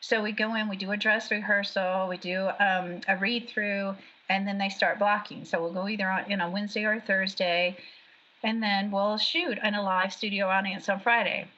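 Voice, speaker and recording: A woman is chatting casually as an interview guest. She tells stories eagerly and often breaks into laughter. Her voice is bright and forceful, and the recording sounds dull and lo-fi. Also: medium pitch, normal speed. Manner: chatty, animated storyteller who laughs often. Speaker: guest, background actor.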